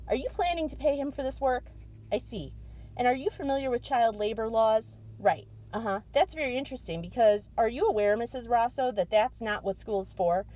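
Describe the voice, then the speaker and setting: A woman's voice: on the high side, a little mellow, voice pushed up, rough recording. A woman reading aloud a combative, sarcastic father arguing on the phone, in a storybook reading. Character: gruff blustering father, adult man, combative.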